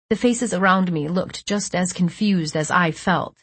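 A woman's voice: on the low side, unhurried, hardly any pauses, slightly rough, no room sound. A woman narrating a first-person story in a tense, breathless storytelling manner on a close studio mic. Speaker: audiobook narrator.

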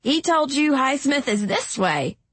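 A sly homeless street woman, as a woman narrator puts her on in an audiobook, drawing out her words in a slow, husky, chiding drawl. The voice has a breathy edge and sits close and dry on the mic. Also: medium pitch, very animated, a bit bright, dry recording. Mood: wheedling. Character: scheming older homeless street woman, cunning and cackling.

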